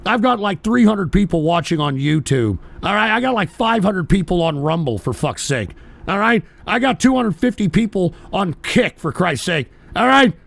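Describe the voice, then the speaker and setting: A man's voice: sits high, animated, normal speed, vocal fry, no room sound. A man hosting a live-streamed political talk show, ranting profanely and combatively at commenters in the chat.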